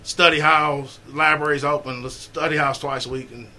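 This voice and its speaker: A middle-aged man talking earnestly on a radio show, urging listeners and swinging from loud appeals to quiet, low moments. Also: fairly even intonation, moderate pace, noisy background. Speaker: community organizer and guest. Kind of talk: heartfelt radio talk.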